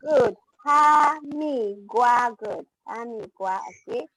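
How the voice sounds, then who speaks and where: A woman's voice: on the high side, expressive, moderate pace, dry recording, rough recording. A woman teaching an online class over a video call, patiently modeling pronunciation for students to repeat.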